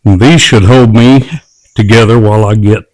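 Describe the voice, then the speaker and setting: Low-voiced man narrating a woodworking build. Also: steady tone, moderate pace, a little mellow, no room sound. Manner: plain, matter-of-fact step-by-step talk. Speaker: homesteader building garden doors. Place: workshop or outdoor work table.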